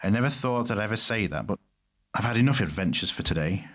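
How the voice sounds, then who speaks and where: A man's voice: fairly low pitch, expressive, quick pace, a bit bright. A man voicing a weary male captain in an audiobook, curt and commanding.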